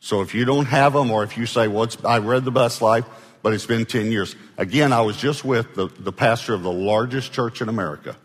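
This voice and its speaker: A male pastor with a medium-pitched, fairly quick, slightly breathy voice preaches conversationally, prompting the congregation to answer him. A long hall reverb fills the recording.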